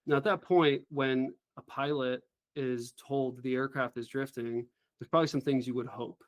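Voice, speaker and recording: A middle-aged man recounts his story with earnest, lively energy. His voice sits at an ordinary pitch. The recording is close and dry, with no room sound. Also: moderate pace, no echo. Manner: earnest, animated storytelling with acted quotes. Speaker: guest, former helicopter pilot. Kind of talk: interview storytelling.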